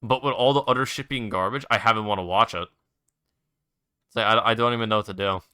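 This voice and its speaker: Young man, host, bright tense voice, exasperated rambling rant, casual gaming talk. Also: fairly low pitch, fast, clear, resonant tone, no room sound, clean studio sound. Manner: exasperated, rambling, heavy swearing. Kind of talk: casual ranting while gaming.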